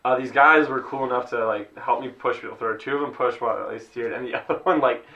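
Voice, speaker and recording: A man's voice: medium pitch, fast, pushed and bright, muffled recording. A young man co-hosting a podcast, telling a rambling story with a laugh and acting out what people said. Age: young adult. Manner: rambling, laughing, acts out quotes. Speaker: podcast co-host. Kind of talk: casual storytelling chat.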